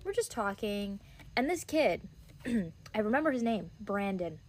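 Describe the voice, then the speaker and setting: Quiet laid-back woman telling a story. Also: medium pitch, sing-song, unhurried, slight background noise. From India. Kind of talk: casual storytelling.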